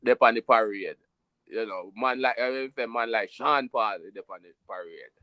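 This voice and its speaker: Jamaican guy telling a story, talks emphatic and animated, dry close mic. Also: fairly low pitch, normal speed, dry recording. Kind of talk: casual storytelling chat.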